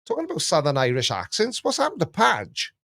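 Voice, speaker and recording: A man hosting a casual chat, rambling and jokey, often jumping up in pitch. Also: wildly swooping pitch, brisk, vocal fry, a bit bright, no echo, studio quality. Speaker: YouTube reaction host.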